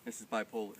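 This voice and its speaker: Profane, intense young man telling a story. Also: slight background noise. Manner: profane, intense, builds to heated outbursts. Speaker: spoken word performer. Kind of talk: confessional storytelling and spoken word poetry. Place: live show.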